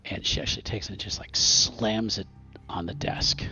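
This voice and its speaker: A man narrating as game master in a halting way, full of restarts. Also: lowish voice, expressive, bright, forceful tone, dull audio, soft background music. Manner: halting, lots of restarts and fillers.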